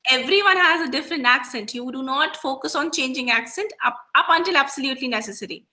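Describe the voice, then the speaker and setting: A woman's voice: high-pitched, quick pace, sharp tone. A woman English tutor giving encouraging, corrective instructions to a student over a video call. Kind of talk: online tutoring session.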